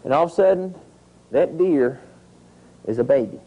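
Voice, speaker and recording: Animated man teaching kids. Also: a little high, moderate pace, husky, highs cut off. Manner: animated storytelling with sound effects. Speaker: environmental educator. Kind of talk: outdoor lesson to children. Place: outdoors at a nature center.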